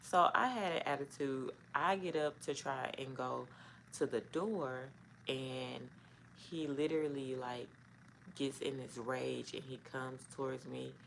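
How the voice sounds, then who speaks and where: A woman's voice: a bass voice, fairly even intonation, a little slow, vocal fry, a little hiss or hum, rough recording. A middle-aged woman telling a personal story to camera in a casual, rambling way, full of "um" and "like". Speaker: vlogger.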